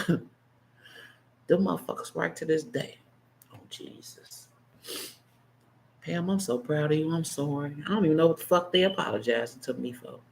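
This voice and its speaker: A man's voice: on the high side, brisk, gravelly, rough recording. Impassioned man in his fifties venting. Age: 50s. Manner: impassioned and blunt, swinging between heated outbursts and hushed, choked-up asides. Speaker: vlogger. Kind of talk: unscripted emotional monologue to camera.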